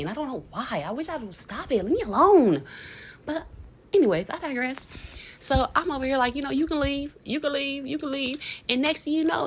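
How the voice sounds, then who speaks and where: A woman's voice: high-pitched, slight background noise. A woman, telling a dramatic storytime in slangy casual chat. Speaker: vlogger.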